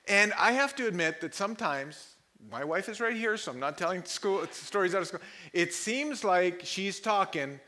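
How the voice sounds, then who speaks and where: A man's voice: sits high, lively intonation, moderate pace, sharp tone. A man preaching a sermon to a live congregation, telling personal stories, laughing often and mimicking voices. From Pakistan. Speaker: pastor.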